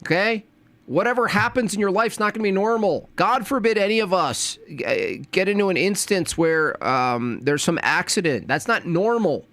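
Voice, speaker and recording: A man's voice: lively intonation, moderate pace. Scornful man giving heated reaction commentary. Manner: scornful, preachy, swings between loud jabs and low mutters. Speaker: commentary host.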